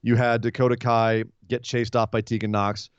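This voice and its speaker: A man's voice: medium pitch, little pitch movement, smooth, no room sound. Chatty man recapping wrestling, lo-fi. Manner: rambling, retells comedy segments with quick voiced asides. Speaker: podcast co-host. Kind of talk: casual wrestling recap chat. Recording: dull lo-fi podcast audio, dry.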